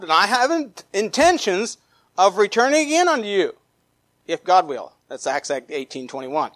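A man preaching a sermon in a fairly high voice. He reads scripture aloud with fillers and restarts, climbs into emphatic stretches, then sinks to low, trailing drops. The sound is dry and close. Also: fairly bright tone, dry recording. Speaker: pastor.

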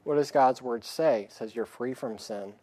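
A man's voice: medium pitch, moderate pace, darkish tone. A man preaching a sermon in a plain-spoken way, reading scripture aloud and acting out the pleading voices of the people. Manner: reads scripture aloud in a raised voice.

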